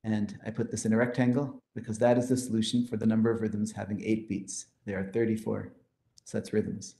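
Mellow-voiced man lecturing in an echoey hall. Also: lowish voice, little pitch movement, brisk, vocal fry. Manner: explanatory, enthusiastic, with frequent "right?" checks. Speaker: mathematics lecturer. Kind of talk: conference lecture.

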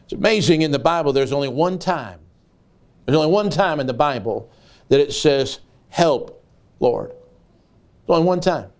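An older man preaching a sermon as an evangelist. He moves from folksy storytelling to rising, loud preaching cries. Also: on the high side, animated, moderate pace, long pauses.

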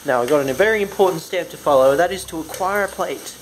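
A man's voice: on the high side, fast talker, slight background noise, poor audio. Young man in a fake American accent. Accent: put-on American. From Australia. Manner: rambling, jokey, self-mocking. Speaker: vlogger. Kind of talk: casual cooking vlog. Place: home kitchen. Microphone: handheld phone camera. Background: faint music and sizzling bacon.

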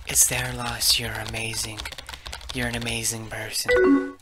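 A man who streams games, reading out chat lines from a game in a quiet, low-key way. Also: level tone, unhurried. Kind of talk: reading game dialogue aloud. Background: loud music.

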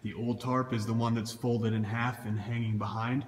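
A Boston-accented throws coach speaks at a normal speed, with medium pitch and a level tone, giving a loose, casual how-to walkthrough on camera. He points things out and corrects himself in an indoor gym throwing area. The audio carries slight background noise and the gym's long, echoey reverb.

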